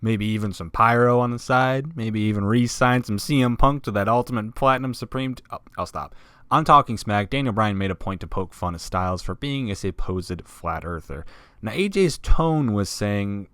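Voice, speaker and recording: A man hosting a wrestling countdown video, narrating from a script with sarcasm and swearing and sudden loud emphasis. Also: on the low side, normal speed, clean tone, no echo. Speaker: wrestling list video host.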